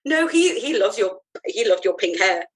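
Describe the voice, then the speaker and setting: A woman's voice: medium pitch, very animated, normal speed, husky, rough recording. A woman guest on a podcast, telling her personal story in an earnest, heartfelt way with frequent ums and restarts.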